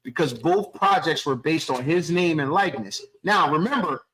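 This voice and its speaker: A man co-hosting a podcast, explaining in a measured way during a casual debate, with a wry edge. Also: a little high, animated, a bit bright, slight background noise, poor audio. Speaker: podcast co-host.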